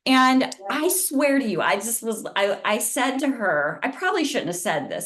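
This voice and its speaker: Speaking at normal speed with few pauses, this woman has a voice on the high side. She's a psychology professor guest-speaking at a casual lunch talk by video call, telling lively stories and frequently starting sentences over.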